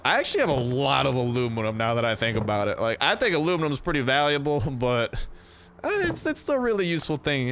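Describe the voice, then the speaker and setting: A man's voice: medium pitch, a bit bright, slight background noise. A young man giving casual, slangy gameplay commentary, chatty and full of jokey asides.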